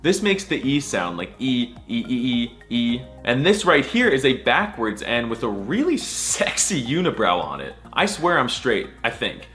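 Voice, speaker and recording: A man hams his way through a comedic alphabet lesson, mock-serious and playful. His pitch swings all over the place, jumping up into squeaky bursts between deadpan asides, and he drills each sound over and over. Soft music plays faintly underneath. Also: normal speed, few pauses. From United States. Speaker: comedic language teacher.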